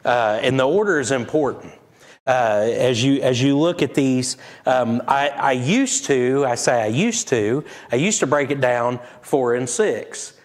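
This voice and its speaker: Halting, conversational preacher man. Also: mid-range voice. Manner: conversational, halting with many fillers and restarts; reads scripture aloud in King James wording. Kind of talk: casual Bible-study sermon.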